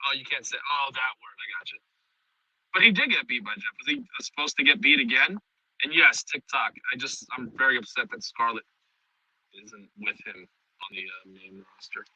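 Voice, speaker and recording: A man's voice: mid-range voice, lively intonation, moderate pace, pushed and bright, breathy edge, no room sound, rough recording. A man with a New York accent hosting a casual live stream, rambling and swearing as he jumps between topics. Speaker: streamer host.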